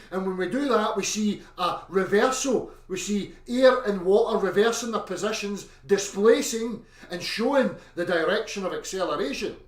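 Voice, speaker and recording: A man's voice: high voice, recorded from a distance. A man ranting aggressively in a monologue, insisting and swearing as he argues. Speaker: online commentator. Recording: echoey room, voice off-mic.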